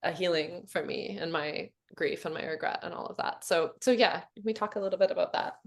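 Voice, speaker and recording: A woman hosting a podcast, talking in a chatty, expressive way. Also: fairly low pitch, brisk, creaky. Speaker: podcast host. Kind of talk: casual podcast conversation.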